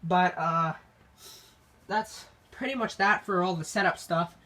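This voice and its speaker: In a halting, rambling channel update vlog full of ums and do-overs, a young YouTube host mentions being sick and congested. Their medium-pitched voice has a fairly bright tone.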